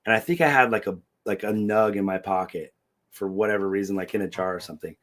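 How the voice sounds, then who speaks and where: A middle-aged man telling a long story in casual chat, animated and profane, acting out the dialogue. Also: on the low side, fast talker. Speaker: podcast co-host.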